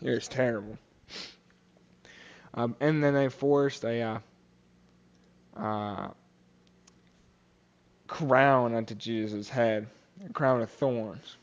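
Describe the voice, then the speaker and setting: A man's voice: medium pitch, steady tone, takes it slowly, long pauses, muffled recording. Casual young man retelling scripture. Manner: casual, many fillers and restarts, acts out quotes. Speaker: podcast host. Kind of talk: casual Bible study retelling.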